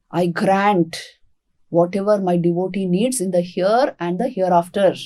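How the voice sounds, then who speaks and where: A woman, a monastic teacher giving a spiritual talk and calmly telling a devotional story. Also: medium pitch. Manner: calm, expressive storytelling.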